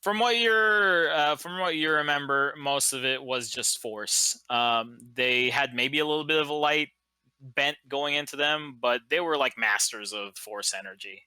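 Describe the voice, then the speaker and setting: Game master guy, super bright tone, lots of uhs, dry close sound. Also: medium pitch, measured pace, clear, resonant tone, no echo, low-quality recording. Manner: casual, filler-heavy, laughs along. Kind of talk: narrating a tabletop game.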